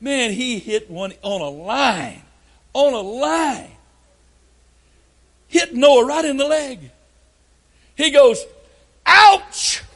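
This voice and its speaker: An older man preaching a sermon, telling folksy family stories and breaking into loud outbursts. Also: very high-pitched, lively intonation, takes it slowly, pauses often. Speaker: pastor.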